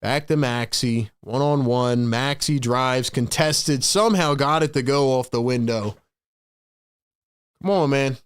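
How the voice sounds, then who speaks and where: Exasperated fan calling play-by-play live. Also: male voice, medium pitch, unhurried, clean tone. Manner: sighs and rants between calls. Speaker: host doing live play-by-play.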